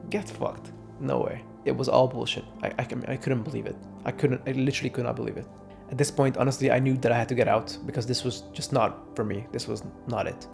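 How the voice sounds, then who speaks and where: A man's voice: mid-range voice, fairly even intonation, quick pace, vocal fry, music in the background. A young man talking straight to camera in a casual rant, blunt and sarcastic, swearing freely and mocking other people in quoted voices. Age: young adult. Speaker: vlogger. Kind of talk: casual ranting monologue.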